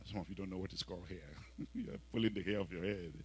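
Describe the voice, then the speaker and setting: A man with a Nigerian accent preaching a sermon, telling stories and breaking into sudden loud exhortations. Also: low voice, steady tone, fast, a little hiss or hum, rough recording.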